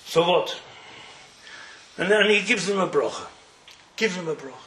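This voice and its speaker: A man's voice: sits high, lively intonation, moderate pace, fairly bright tone, roomy sound, poor audio. A man teaching a Torah class, telling the story with animation, acting out the characters and throwing out rhetorical questions. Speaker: religious teacher.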